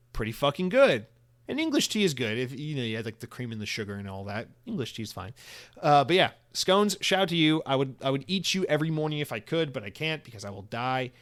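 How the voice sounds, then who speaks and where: A young American man hosts a podcast on his own and rambles through it in a loose, chatty way. He swears freely and keeps restarting his sentences. His voice sits at an ordinary middle pitch. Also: a bit bright. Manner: rambling, profane, lots of restarts and "like". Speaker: podcast host. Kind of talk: casual solo podcast monologue.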